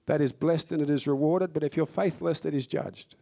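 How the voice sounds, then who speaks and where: A man delivers a sermon in a fairly high voice, fervent and insistent. He hammers points home by repeating phrases and stretching out key words. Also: fairly quick, vocal fry, dark tone. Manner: impassioned, repeats phrases for emphasis. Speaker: preacher.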